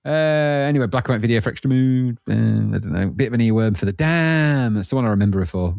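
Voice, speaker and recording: A man's voice: medium pitch, fast talker, creaky, no echo. A man co-hosting a podcast, chatting casually and joking with his co-host. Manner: joking, playful, lively banter. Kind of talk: casual chat about retro games and music.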